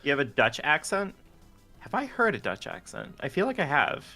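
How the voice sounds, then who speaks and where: A man chatting casually, quipping quickly and playing along with jokes. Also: fairly high pitch, wildly swooping pitch, bright, forceful tone, soft background music. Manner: quick quips, playful, plays along. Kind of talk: casual joking chat.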